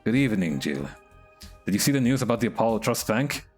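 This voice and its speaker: Guy doing a chill polite regular, low and measured, faint music. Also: big pitch swings. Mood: calm.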